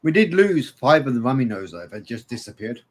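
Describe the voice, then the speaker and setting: A man's voice: medium pitch, sing-song, fairly quick. A man on a livestream video call, easygoing, answering in brief replies. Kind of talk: casual chat on a livestream.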